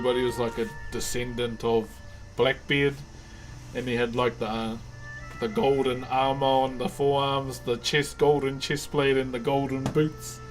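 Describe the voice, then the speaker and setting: Laid-back New Zealand man streaming. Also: medium pitch. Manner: laid-back, calls viewers brother and bro. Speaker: live streamer and carver. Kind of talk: casual live-stream chat with viewers.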